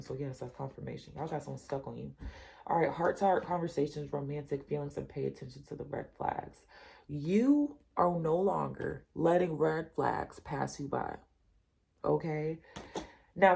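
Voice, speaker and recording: Gravelly low-voiced woman reading tarot. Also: warm tone. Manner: direct, repetitive, addresses the listener as you and y'all. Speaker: tarot reader. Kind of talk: casual spoken tarot reading to viewers.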